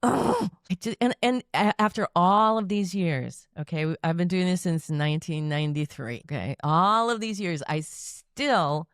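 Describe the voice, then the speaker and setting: A woman's voice: on the low side, expressive, moderate pace, few pauses, clear, resonant tone, dry recording, clean studio sound. A woman guest on an interview podcast, a peace activist, speaking in a candid, chatty way and laughing at herself. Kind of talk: conversational interview.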